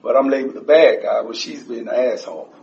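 A man giving a blunt, profane personal share at a support meeting, his voice rising whenever he gets excited. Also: mid-range voice, fast, creaky, slight background noise. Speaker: recovery group member sharing. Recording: echoey room, distant dull mic.

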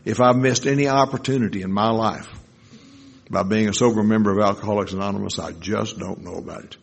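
A man's voice: lowish voice, a little fast, gravelly. A man telling wry, folksy stories to a live audience about his recovery. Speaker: speaker sharing recovery stories.

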